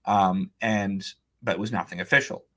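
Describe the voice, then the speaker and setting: A man's voice: fairly low pitch, normal speed. A man guest on an interview podcast, casually telling a long anecdote, acting out what others said and using lots of "like" and "um". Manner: animated anecdote-telling, quoting others' words, frequent "like" and "um". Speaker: author and illustrator guest.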